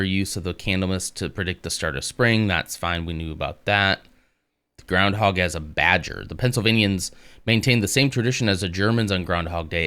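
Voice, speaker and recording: An American live streamer with a low voice chats casually on stream. He's relaxed and rambling, reading text aloud and answering his chat.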